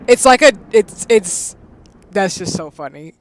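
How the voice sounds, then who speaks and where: A woman streamer reacting excitably and emotionally as she plays a video game, swearing now and then. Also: medium pitch, unhurried, a little hiss or hum.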